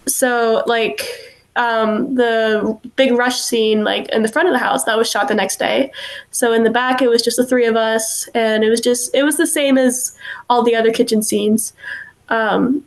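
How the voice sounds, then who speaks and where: A young woman with a fairly high voice chats as a guest on a casual podcast. She tells stories in a bubbly, giggly way, leaning on "like" and little fillers as she goes. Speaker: actress guest.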